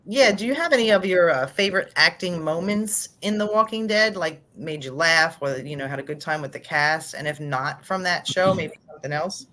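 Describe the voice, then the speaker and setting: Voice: mid-range voice, normal speed, hardly any pauses, bright, forceful tone. A podcast co-host asking the guests questions in a chatty way. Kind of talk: casual podcast interview.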